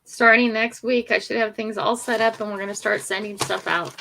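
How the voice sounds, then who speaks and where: A woman's voice: medium pitch, fairly even intonation, brisk, creaky, bright, forceful tone, a little hiss or hum. An older woman hosting a casual morning livestream, chatting emotionally and talking straight to her viewers. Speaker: livestream host.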